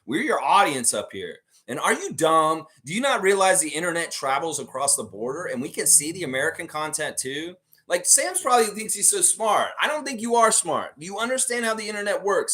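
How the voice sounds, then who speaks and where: A man's voice: high voice, big pitch swings, normal speed, sharp tone. A Canadian man hosting a live sports stream, ranting heatedly and mocking the people he criticizes in put-on voices. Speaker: sports channel host.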